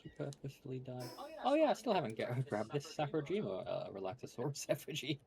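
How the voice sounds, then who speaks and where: A man's voice: medium pitch, sing-song, fast, creaky, a crowd in the background. A man streaming a game with his wife, laid-back and joking, laughing often. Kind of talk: casual gameplay chat.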